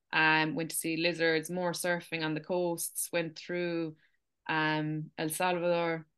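Bright-voiced chatty Irish young woman. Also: fairly low pitch, clean tone. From Ireland. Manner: animated, chatty, laughs often, many fillers. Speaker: interview guest. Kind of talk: casual storytelling.

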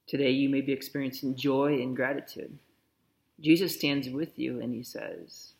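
A man preaching a sermon in a slow, reflective way, softly repeating a blessing. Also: medium pitch, steady tone, gravelly. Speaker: pastor.

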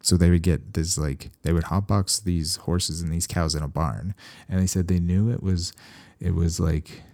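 A veterinarian talking casually and at length, wandering into wry, sarcastic asides. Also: male voice, low voice, fairly even intonation, normal speed, a little mellow, no echo. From Canada. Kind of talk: casual podcast talk.

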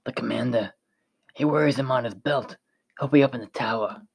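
A man reading a story, voicing a weak, sedated male werewolf captive who speaks faintly and hushed. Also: mid-range voice, moderate pace, vocal fry, slightly rough. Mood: weary.

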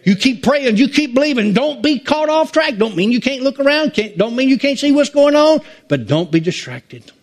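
A man's voice: extremely high pitch, sing-song, normal speed, few pauses. A man preaching a sermon as pastor, drawing out emphatic phrases with sweeping swings in his voice.

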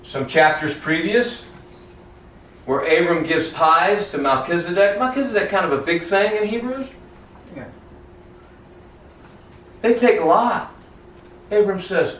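A man preaching a sermon in a church, lively and conversational, often acting out Bible characters in casual everyday voices. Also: sits high, unhurried, pauses often, a little hiss or hum. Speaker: pastor. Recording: roomy echo, heard from a distance.

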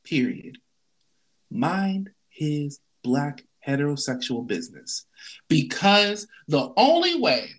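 Emphatic man with a lively, swooping voice. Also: a little high, slightly rough. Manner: emphatic and blunt, repeats punchlines. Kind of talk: casual opinion chat.

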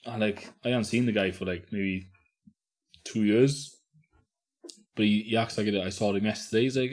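A man in his thirties chatting casually on a podcast, telling stories with swearing and lively imitated quotes. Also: on the low side, normal speed, pauses often. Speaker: podcast guest. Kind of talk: casual chat.

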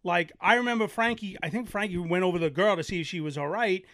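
A middle-aged podcast host from Brooklyn, New York, tells a rambling, profane story in casual chat, laughing often. His voice is high-pitched, fast, and a bit bright, recorded in studio quality with no echo.

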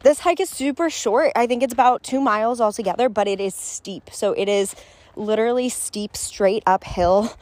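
Young woman rambling into her phone for a travel vlog, says "like" a lot, laughs a bunch, easygoing mid-pitch voice. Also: normal speed, darkish tone. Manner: chatty, laughs often, lots of "like". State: out of breath. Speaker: travel vlogger. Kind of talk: casual travel vlog chat. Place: outdoors on a hiking trail.

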